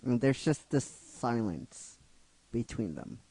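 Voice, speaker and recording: Man, middle-aged, rambling casual storyteller, slow delivery, dry close sound. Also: medium pitch, big pitch swings, dark tone, slightly rough, no room sound. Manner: rambling and chatty, with many restarts and asides. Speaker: narrator of a fan script series. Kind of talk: casual spoken story narration.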